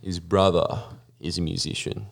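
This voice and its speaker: A man's voice: low-pitched, fairly even intonation, moderate pace, gravelly, crowd noise. Dry, sardonic man. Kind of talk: casual podcast chat.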